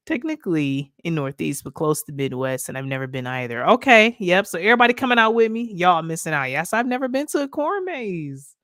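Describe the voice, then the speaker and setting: A woman from Detroit hosting a casual livestream, reading viewer comments aloud in a playful, animated way and laughing often. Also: on the low side, dry recording, studio quality. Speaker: livestream host.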